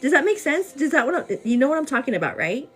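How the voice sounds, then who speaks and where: A woman's voice: high voice, quick pace, soft background music. A young woman vlogger telling a story casually, acting it out with gasps and cries. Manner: animated, acts out the scene with cries and gasps.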